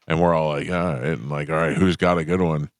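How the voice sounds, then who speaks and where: A man's voice: extremely low pitch, steady tone, quick pace, no echo, studio quality. A man hosting a radio show, teasing his co-hosts in casual banter and laughing easily. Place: radio studio.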